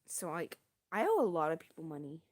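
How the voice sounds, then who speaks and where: A woman's voice: deep voice, very animated, brisk. Rambling young woman streamer. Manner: rambling, self-deprecating, slangy. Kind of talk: casual storytelling.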